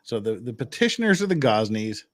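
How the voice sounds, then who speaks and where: A male podcast host with a lively, swinging voice who jokes and laughs as he talks. He sits in the middle of the usual male range, and the sound is close and dry. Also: mid-range voice, brisk, no echo. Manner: animated, laughs often, joking. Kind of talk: comedic legal commentary and transcript reading.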